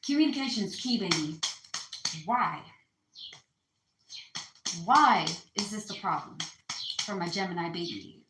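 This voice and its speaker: A woman's voice: medium pitch, animated, measured pace, pauses often, noisy background. Chatty woman tarot reader, roomy echo. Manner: chatty, slangy, calls listeners baby. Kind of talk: casual astrology reading.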